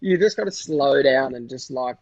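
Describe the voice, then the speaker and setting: A young Australian man, a guest on a podcast, talking in a relaxed, easygoing way. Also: medium pitch, moderate pace, no echo, highs cut off. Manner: relaxed, easygoing, says "eh" and "sick" a lot. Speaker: guest, motocross racer. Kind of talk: casual chat.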